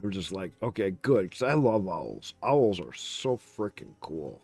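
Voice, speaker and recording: Swearing, animated male game streamer. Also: deep voice, a little slow, gravelly, husky, faint music behind. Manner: animated storytelling, swears freely. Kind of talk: casual livestream chat.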